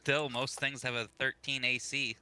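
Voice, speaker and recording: A man's voice: medium pitch, level tone, moderate pace, sharp tone, clean tone. A man playing in a tabletop game, chatty and teasing, laughing often. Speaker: player. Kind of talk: casual tabletop game chat.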